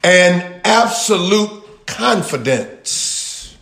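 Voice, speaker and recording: A man teaching a Bible passage in sermon style, repeating key words with long pauses and talking back and forth with his listeners. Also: high voice, animated, sharp tone, echoey room. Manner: talks with the audience, answers their replies. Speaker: pastor teaching a Bible study.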